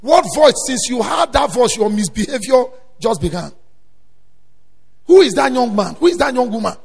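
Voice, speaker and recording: Man, preacher, very high gravelly voice, emphatic sermon, long hall reverb. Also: expressive, moderate pace. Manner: emphatic preaching, swinging from low storytelling to loud exhortation.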